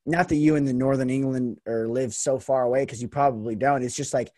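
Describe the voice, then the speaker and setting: A man's voice: mid-range voice, fairly even intonation, brisk, dark tone, no echo. Chatty young American man, dry sound. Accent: West Coast American. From Las Vegas, United States. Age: young adult. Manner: chatty, rambling, lots of "like". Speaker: podcast host. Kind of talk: casual podcast interview.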